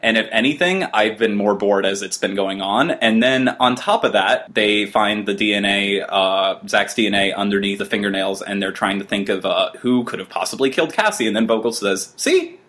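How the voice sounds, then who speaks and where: A man co-hosting a TV review podcast, talking in a casual, sarcastic, exasperated way, spinning animated riffs about what he watched. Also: lowish voice, normal speed, hardly any pauses.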